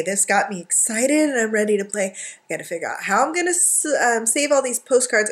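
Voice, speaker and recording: A woman vlogger in her thirties or forties chatting casually from her couch at home, gushing and excitable as she shows off craft supplies, with lots of little asides. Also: high voice. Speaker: craft vlogger and art journaling teacher. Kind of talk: casual chatty haul vlog.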